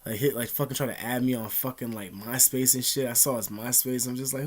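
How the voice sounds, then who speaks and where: A man's voice: medium pitch, fairly even intonation, a little fast, few pauses. A young man casually telling a personal story to camera, heavy on slang, swearing and fillers. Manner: profane and slangy, with many fillers. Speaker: vlogger.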